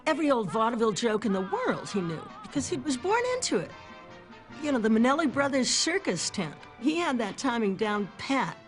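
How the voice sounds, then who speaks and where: A woman's voice: on the high side, very animated, a little fast, soft background music. A woman recalling performers fondly and enthusiastically in a documentary interview.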